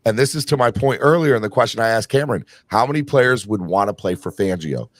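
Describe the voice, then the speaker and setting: A man's voice: on the low side, lively intonation, fast, no room sound. A man hosting a casual sports podcast, talking emphatically and often restarting his sentences. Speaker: podcast host.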